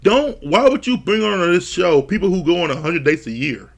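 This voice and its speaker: Casting note: male reality show reviewer, gravelly voice, slightly high pitch, laughs and swears a lot. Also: normal speed. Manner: laughs often, swears freely, animated retellings. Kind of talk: casual profane commentary.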